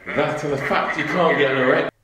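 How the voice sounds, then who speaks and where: A man, co-hosting a casual podcast, teasing his friend in a deadpan, sweary way. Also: fairly high pitch, quick pace, echoey room. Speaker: podcast co-host. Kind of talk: casual banter.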